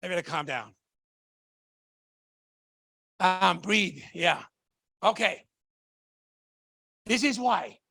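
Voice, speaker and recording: Man from Tonga, high voice, gravelly, motivational sales pitch, shouts in bursts. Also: drawn-out words, pauses often. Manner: excitable, bursts into shouting, repetitive rhetorical questions. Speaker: business opportunity presenter.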